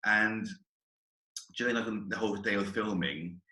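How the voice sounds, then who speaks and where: A man hosting a podcast, telling stories in an animated way and laughing often, in a casual chat. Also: fairly low pitch, normal speed. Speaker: podcast host and orchestra leader. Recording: echoey room.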